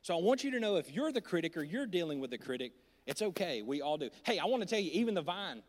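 Male pastor, high and animated, preaching on a handheld mic in a reverberant church hall. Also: quick pace. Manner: animated preaching, swings from loud to hushed. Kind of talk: sermon. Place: church auditorium. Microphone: handheld microphone.

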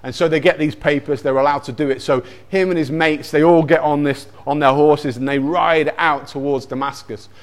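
A man with a fairly high voice tells a Bible story. He is animated and lively, and his delivery moves between quick asides and slow, dramatic moments. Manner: animated, with acted-out moments and personal anecdotes. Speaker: speaker retelling a Bible story.

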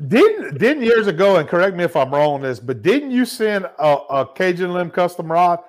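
A man hosts a relaxed podcast chat, telling his story with animated energy. His voice sits a little higher than most men's. He jumps in and out of the voices of the people he quotes. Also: normal speed. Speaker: podcast host.

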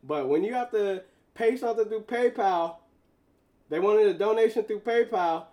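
A man casually telling a long personal story to his viewers, animated and slangy, laughing as he goes. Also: high-pitched, normal speed.

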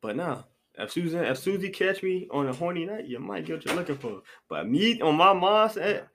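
A man's voice: a little high, sing-song, fairly quick, a bit bright, a little hiss or hum. Slangy young man hosting a podcast. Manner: loose, slangy, repeats phrases. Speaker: podcast host. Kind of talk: casual chat.

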